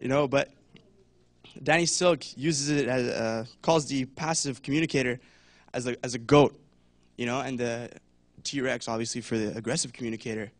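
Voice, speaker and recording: A man's voice: medium pitch, steady tone, normal speed, no room sound. Chatty man with a dry, close sound. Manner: chatty, many fillers, acts out voices. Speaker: church speaker. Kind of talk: casual sermon talk.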